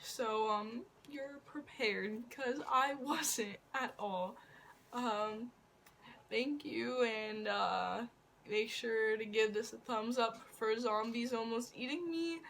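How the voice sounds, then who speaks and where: A woman's voice: a little high, takes it slowly, vocal fry, a bit bright, slight background noise. Giggly young woman telling a story. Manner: giggly, rambling, self-mocking. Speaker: vlogger. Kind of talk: casual storytelling.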